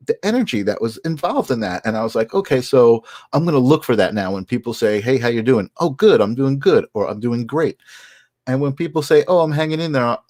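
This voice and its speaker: A man's voice: mid-range voice, darkish tone, dry recording. A man talking casually as a podcast co-host, sharing a personal story in an earnest, upbeat manner. His voice sits mid-range and sounds dry and close, with no room around it. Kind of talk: casual conversation.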